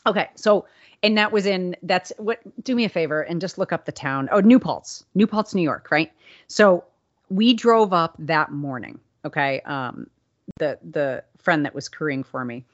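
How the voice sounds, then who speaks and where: A woman co-hosting a casual podcast chat, telling a story with lively acted-out quotes. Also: lowish voice, moderate pace. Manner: animated storyteller, acts out quotes. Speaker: podcast co-host. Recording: dull lo-fi sound.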